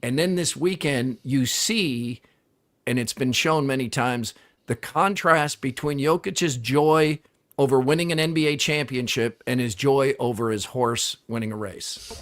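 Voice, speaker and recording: A man's voice: medium pitch, measured pace. A man co-hosting a casual sports talk show, conversational and amused. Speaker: radio co-host.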